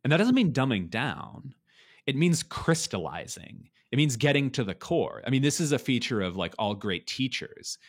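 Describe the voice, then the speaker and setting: A man's voice: mid-range voice, very animated, moderate pace, husky. A man giving a conversational lecture, thinking aloud with frequent restarts and checking in with "right?". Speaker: speaker explaining ideas on beauty and art.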